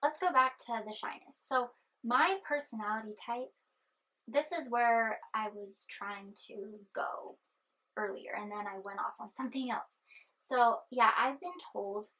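Brief: young woman vlogger, soft-spoken, slightly high and breathy, anxious, rambling while chewing gum. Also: unhurried, rough recording. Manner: chatty, meandering, chewing gum. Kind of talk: rambling personal vlog.

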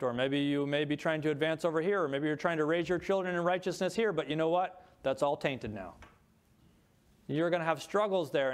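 Male pastor, mid-pitched voice, preaching from scripture with stressed lists. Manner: reads scripture aloud, stresses words in lists. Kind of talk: sermon.

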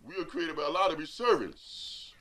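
A man preaches the Friday sermon as imam in a fairly high, sing-song voice at normal speed. Hushed moments give way to loud ones as he grows forceful, repeating lines with emphasis and asking rhetorical questions.

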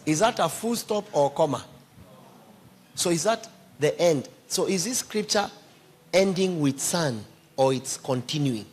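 A man's voice: fairly high pitch, animated, measured pace, pauses often, slight background noise. A man preaching a sermon, emphatically quizzing his congregation with questions.

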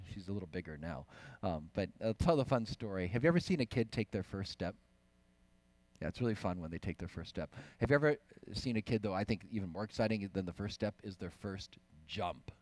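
A middle-aged man giving a faith conference talk, telling lively family stories and asking the audience questions. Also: lowish voice, no echo. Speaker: conference speaker.

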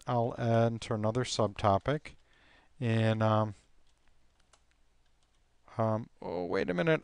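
Relaxed man talking through a tutorial. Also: mid-range voice, clear, resonant tone, dry recording, studio quality. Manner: relaxed, thinking aloud with many ums and uhs. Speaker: teacher. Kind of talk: screen-recorded software tutorial.

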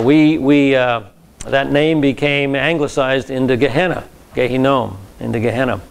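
A pastor teaches a Bible class in a conversational lecture style, using frequent fillers and repeated words. His voice is medium-pitched with vocal fry.

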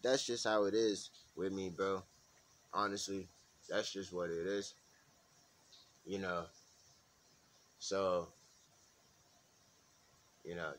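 A man's voice: fairly low pitch, fairly bright tone. A man vlogging in a heated, profanity-laced rant, repeating himself for emphasis. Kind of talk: casual ranting monologue.

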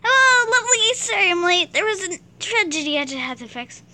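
A woman's voice: very high-pitched, sing-song, brisk, sharp tone, voice pushed up, heavily acted. A woman voicing a vain, cheerful young cartoon man in a bubbly, theatrical way. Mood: gushing.

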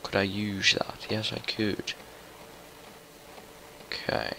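A young man giving casual, chatty commentary while playing a video game, muttering to himself and getting excitable. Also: fairly low pitch, slow pace, creaky, background noise. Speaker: gaming YouTuber.

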